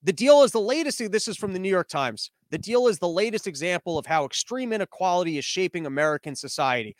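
A man's voice: high-pitched, lively intonation, fast talker, no room sound. A man hosting a show from his living room studio, riffing in a rambling, sarcastic way with frequent restarts. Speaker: podcast host. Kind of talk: casual comedic commentary.

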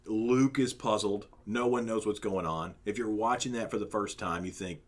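A man with a low voice and a drawl, talking casually on a podcast. He rambles with fillers and restarts but keeps his enthusiasm up. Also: moderate pace, few pauses. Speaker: podcast co-host. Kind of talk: casual movie ranking chat.

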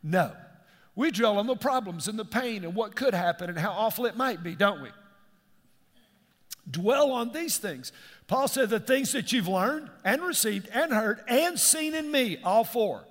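A middle-aged pastor preaches a sermon in a fairly high, slightly bright voice, animated but at a measured pace. He keeps putting questions to his congregation, and his words ring out with the long reverb of a large church hall.

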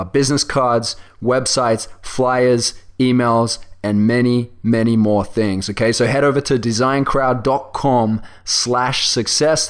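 An Australian man hosting a podcast, reading an ad and opening an interview in an upbeat, salesy way. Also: medium pitch. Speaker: podcast host.

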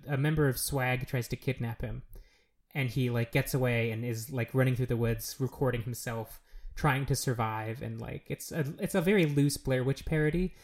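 A podcast co-host chatting casually about a show, rambling with many fillers and jumping up in pitch when amused. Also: normal speed, darkish tone. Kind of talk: casual chat reviewing a show.

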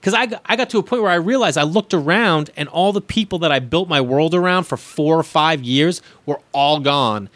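A man's voice: on the high side, brisk, hardly any pauses, no room sound. Man telling stories in casual chat. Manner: animated storyteller acting out quotes, swears freely.

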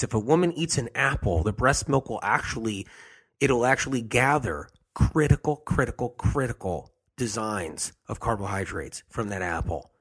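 A man's voice: mid-range voice, lively intonation, normal speed, a bit bright, breathy edge. A man hosting a health show, talking emphatically and repeating his key phrases over and over.

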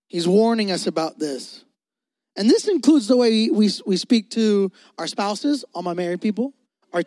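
A young man preaching a sermon to a youth congregation, animated and emphatic, repeating phrases for stress. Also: high voice, no room sound. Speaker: youth pastor.

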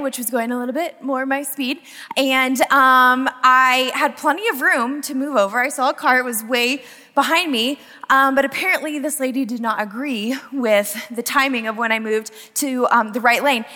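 Animated young woman preaching in a hall. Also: high-pitched, normal speed. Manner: animated, chatty, lots of "like" and "um". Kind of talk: casual storytelling sermon.

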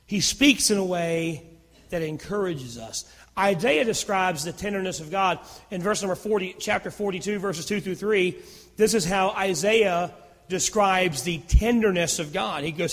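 Slow-preaching high-voiced man in a hall. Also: lively intonation, a bit bright. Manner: slow, emphatic preaching with repeated phrases. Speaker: pastor. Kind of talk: sermon. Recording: long reverb of a hall.

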